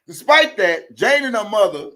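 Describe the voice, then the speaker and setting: High, animated man ranting on a livestream. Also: moderate pace. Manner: profane, heated, talks straight to his viewers. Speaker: livestream host. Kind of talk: live commentary rant.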